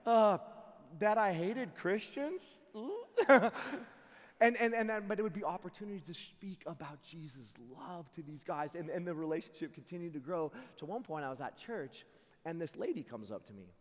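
A man giving an energetic sermon full of personal stories, his voice ringing in a large hall. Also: a little high, a little fast. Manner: energetic, shifts into loud excited voices for quotes. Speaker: youth camp speaker. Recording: long reverb of a large hall.

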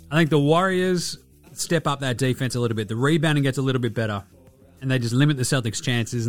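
A man's voice: medium pitch, fairly bright tone. An Australian man in his thirties hosting a casual sports podcast, sweary, irreverent and rambling. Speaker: podcast host.

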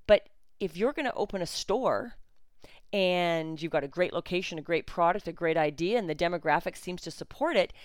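A woman's voice: lowish voice, expressive, moderate pace, no echo. A woman, a coach and podcast host, talking in a blunt, outspoken way in a solo podcast monologue. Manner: sarcastic at times.

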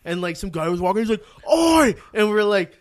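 A man's voice: sits high, fairly even intonation, fast, dry recording, studio quality. A young man co-hosting a podcast, rambling through funny stories with lots of swearing and laughter. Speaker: podcast co-host. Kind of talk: casual chat.

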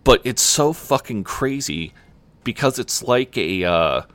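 A young man telling a personal story in casual chat, relaxed and full of fillers and swearing. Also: medium pitch, measured pace, no room sound. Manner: laid-back, swears often, lots of "like" fillers. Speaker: podcast co-host.

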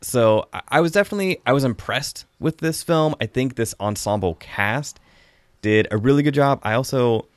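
A man's voice: medium pitch, expressive, normal speed, no echo. A man hosting a casual podcast chat, reviewing a film in a rambling, chatty way with frequent laughs.

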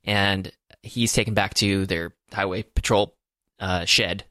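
A man's voice: sits low, steady tone, unhurried, sharp tone, no echo, studio quality. A man co-hosting a podcast, casually recapping a film with many hesitant fillers. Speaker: podcast co-host.

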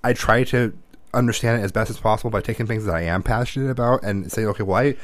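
Brief: a low-voiced father talking casually, rambling and profane, recorded dry. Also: fast talker, dry recording. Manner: rambling, profane, with many restarts. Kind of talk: casual chat.

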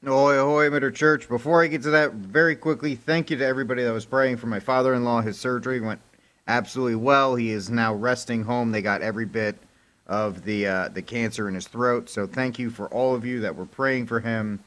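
A man doing a news segment on talk radio in a casual, wry voice. He jokes along and stays easygoing at a middle pitch. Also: fairly even intonation, brisk, a bit bright. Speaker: news co-host.

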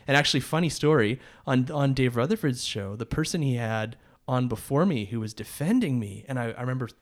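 A man co-hosts a podcast and tells a story in a loose, rambling way. He restarts his sentences often and laughs now and then. His voice sits at a middle pitch. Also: lively intonation, fairly quick. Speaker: podcast co-host. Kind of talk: casual storytelling chat.

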